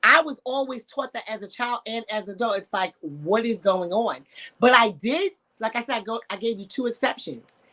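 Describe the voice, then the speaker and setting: A woman's voice: on the high side, normal speed. A woman sexologist on a radio talk show who tells stories frankly and with emphasis, acting out the quotes and using slang. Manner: emphatic, animated storytelling with acted-out quotes. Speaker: sexologist guest. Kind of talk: candid radio conversation.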